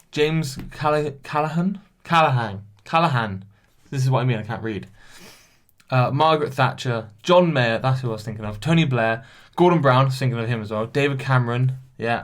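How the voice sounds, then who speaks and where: Young man, casual podcast host, reads a quiz aloud, self-deprecating, trips over names. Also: medium pitch. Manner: self-mocking, stumbles over names while reading.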